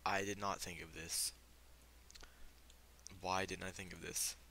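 A man's voice: sits low, little pitch movement, a little slow, pushed and bright, slight background noise. A young man giving casual, filler-heavy gameplay commentary, given to startled outbursts. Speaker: let's play gamer.

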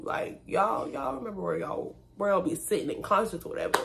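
A woman's voice: on the low side, normal speed, creaky. Chatty young woman vlogging. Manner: chatty, addresses viewers as y'all, excited bursts. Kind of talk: casual vlog chat.

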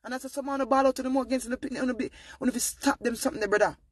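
A young adult man with a Jamaican accent talks straight to his viewers in a casual monologue. He is emphatic and often rises close to shouting. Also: extremely high pitch, steady tone, very fast, slightly rough, no echo. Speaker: vlogger.

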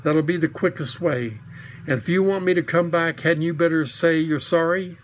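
A man's voice: fairly high pitch, normal speed, muffled recording, a little hiss or hum, close to an everyday voice. A man reading the part of a proud young girl who speaks coolly and sarcastically. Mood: tart. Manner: sarcastic, cool. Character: sharp-tongued young girl, sensible and proud.

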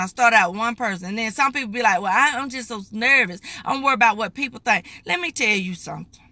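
A woman's voice: a little high, pushed and bright, no room sound. A middle-aged woman preaches an emphatic, folksy live-streamed morning devotional, calling her viewers "baby.". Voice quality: raspy.

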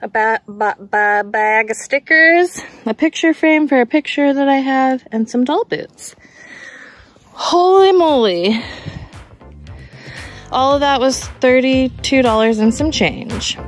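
A woman chatting casually through a shop-with-me vlog, excitable and laughing often as she shows her thrift finds. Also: high voice, a little slow, few pauses, faint music behind. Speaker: thrift reseller vlogger. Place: busy thrift outlet store, then at home.

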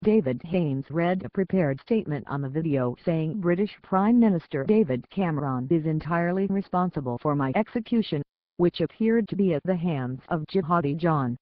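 A man reads a scripted news report in a steady, even manner. His voice sits a little high, and the sound is narrow and tinny like a phone line. There is no room echo at all. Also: moderate pace. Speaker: news reader.

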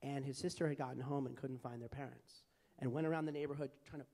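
A man's voice: mid-range voice, fairly even intonation, fast talker, creaky, mellow. A young man from California speaking as a panelist at a public forum, earnest and anecdotal, with many fillers and restarts. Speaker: panelist, advocacy group founder. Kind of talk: panel discussion. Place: large hall at a public forum. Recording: long hall reverb.

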